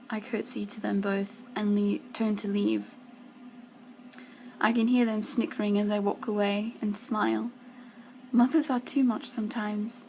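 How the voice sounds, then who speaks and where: A woman's voice: mid-range voice, level tone, moderate pace, a little mellow, a little hiss or hum, poor audio. A young woman reading her own first-person story aloud for a school project, sometimes dropping into whispers and stumbling now and then. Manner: slips into whispers, small stumbles. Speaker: student reader.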